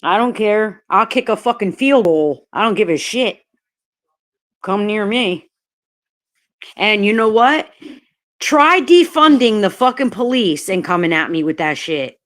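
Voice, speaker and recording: A woman's voice: medium pitch, lively intonation, a little slow, fairly bright tone. A woman live-streaming a heated, profane rant, talking bluntly and breaking off to greet chat viewers by name. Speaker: livestreamer.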